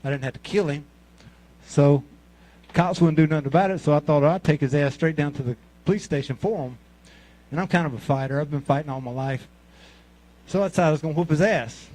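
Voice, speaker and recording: Profane Mississippi man in his sixties, higher-pitched. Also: a little fast, a little mellow, rough recording. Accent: Mississippi Southern US. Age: 60s. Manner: crude, profane, rambling anecdotes. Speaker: amateur comic at a talent show. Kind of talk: stand-up storytelling.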